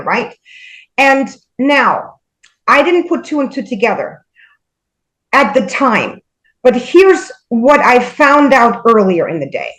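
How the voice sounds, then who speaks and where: A woman guest shares her experiences in an unhurried, halting way, often pausing with fillers. Her voice sits slightly above average in pitch. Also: animated, fairly bright tone, poor audio. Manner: hesitant, many fillers, measured pauses. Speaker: guest spiritual medium. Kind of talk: casual conversational storytelling.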